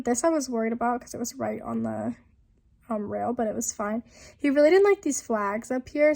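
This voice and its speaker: A young woman narrating a casual vlog voiceover, chatty and rambling with lots of fillers, her voice rough from a lingering illness. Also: on the high side, a little mellow. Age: young adult. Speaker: vlogger. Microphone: voiceover mic.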